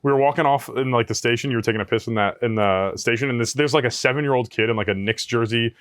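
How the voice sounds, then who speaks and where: Fast-talking young man, crude storyteller. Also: medium pitch, fairly bright tone, smooth. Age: 20s. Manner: rambling storyteller, acts out voices with crude humor. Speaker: comedy podcast co-host. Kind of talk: casual comedic banter.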